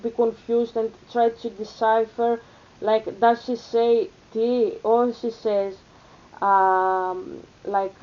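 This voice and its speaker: A young Greek woman with an Athenian accent chats casually in a vlog, her mid-range voice recorded with lo-fi sound. Her talk rambles, with many fillers and restarts.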